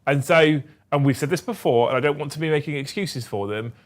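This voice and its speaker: A man's voice: a little high, a little fast. Blunt, sweary man. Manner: blunt, animated, swears freely. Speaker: co-host of a livestream show. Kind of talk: casual livestream chat.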